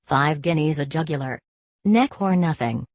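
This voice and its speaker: A woman's voice: low voice, animated, moderate pace, no echo. A woman reading the part of a boastful hangman who speaks with sinister familiarity. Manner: sinister, overfamiliar.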